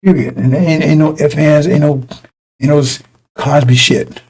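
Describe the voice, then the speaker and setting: A man's voice: a little high, steady tone, normal speed, a little mellow, husky, rough recording. A middle-aged man preaching informally to his congregation, blunt and profane, rambling through personal stories with many restarts.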